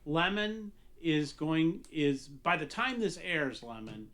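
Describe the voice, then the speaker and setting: A man's voice: a little high, lively intonation, fairly bright tone. A man co-hosting, chatting casually and cutting in with encouraging remarks. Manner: encouraging, quick interjections. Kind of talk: casual chat.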